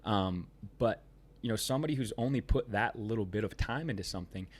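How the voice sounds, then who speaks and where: A man's voice: on the low side, fairly quick. A man, a business owner, talking as a podcast guest in a rambling, emphatic way, full of "you know" fillers. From Ohio, United States. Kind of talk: casual podcast conversation.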